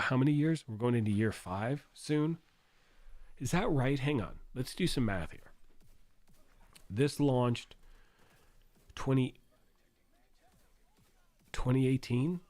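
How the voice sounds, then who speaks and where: A man hosting a gaming livestream, hoarse and losing his voice, rambling and thinking out loud while reading chat. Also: mid-range voice, very animated, takes it slowly, long pauses, dry recording.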